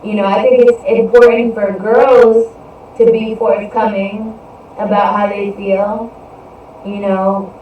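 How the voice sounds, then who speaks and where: A woman's voice: medium pitch, narrow, tinny audio. A woman hosting a podcast, telling a story in a loose, rambling way and saying "you know" again and again. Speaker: podcast host. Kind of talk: casual storytelling monologue. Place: indoors, live stream. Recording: roomy echo, distant from mic, faint noise.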